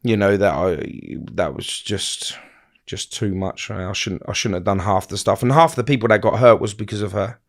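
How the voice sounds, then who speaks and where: Speaking as an interview guest in a casual storytelling chat, a man with a low voice halts and rambles, frequently restarting and leaning on fillers.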